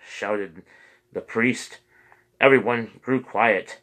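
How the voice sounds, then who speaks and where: A man narrating an audiobook chapter in a steady, measured reading. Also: fairly low pitch. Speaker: audiobook reader.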